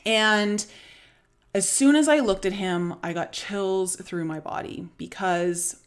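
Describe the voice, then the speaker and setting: A woman's voice: medium pitch, slow pace. A woman with a Canadian accent telling a long dream story on a live stream, casual and rambling, with many fillers and small laughs. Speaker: spiritual vlogger.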